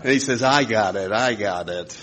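Bright-voiced man telling lively stories. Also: fairly low pitch, moderate pace. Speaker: speaker sharing recovery stories. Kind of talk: storytelling to a live audience.

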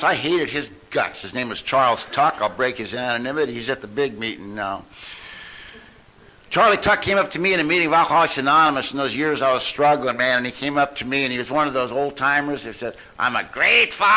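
A man's voice: fairly high pitch, bright, forceful tone. A man giving an emphatic, humorous recovery testimony as a meeting speaker. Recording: dull lo-fi recording with faint noise.

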